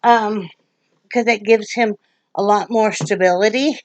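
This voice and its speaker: Slow-talking older woman chatting at home. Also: medium pitch, fairly even intonation. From Wyoming, USA. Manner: chatty, rambling, emotional, laughs often. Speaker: vlogger. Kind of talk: casual chat to camera.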